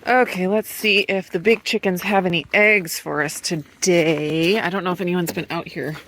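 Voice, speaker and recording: A woman with a lowish voice chats through her day, walking around a small home farm and then cooking in her kitchen. Her speech is easygoing and unscripted. A faint hiss of noise sits behind her. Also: steady tone, normal speed, a bit bright. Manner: coos in a high sing-song voice to the animals. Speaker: vlogger. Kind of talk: casual food and farm vlog narration.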